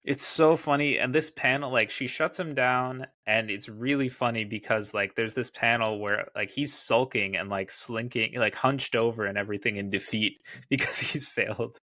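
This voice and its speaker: A man's voice: medium pitch, moderate pace, hardly any pauses, pushed and bright, no room sound. A man co-hosting a podcast about comics, chatting casually and reading lines aloud with playful voices. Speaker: podcast co-host.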